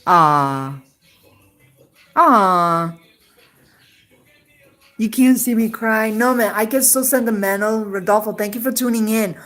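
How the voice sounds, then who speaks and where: A woman's voice: on the high side, steady tone, brisk, few pauses, faint music behind. A woman telling a personal story to live viewers in a casual, emotional, rambling way, full of restarts and fillers. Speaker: livestream host.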